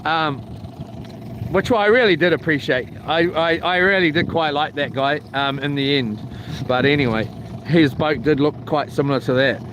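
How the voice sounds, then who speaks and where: New man, slightly high voice, casual and rambling vlog storytelling outdoors, faint boat noise behind. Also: normal speed. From New Zealand. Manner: rambling, colloquial, mimics others loudly. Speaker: vlogger. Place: outdoors by a lake.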